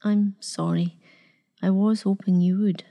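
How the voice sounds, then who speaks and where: A woman reading the lines of a quiet young bride who speaks plainly and sounds close to tears. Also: mid-range voice, steady tone, a little slow, vocal fry. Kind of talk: storybook reading.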